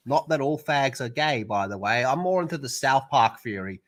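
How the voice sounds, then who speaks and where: A man's voice: medium pitch, animated, moderate pace, few pauses, a bit bright. A young man streaming, chatting and ranting in a casual, profane way.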